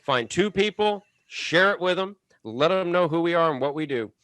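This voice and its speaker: A man hosts a casual podcast, chatting in an upbeat, talkative way with plenty of "uh" fillers. His fairly high, slightly bright voice is expressive, at a normal speed, and recorded with no echo.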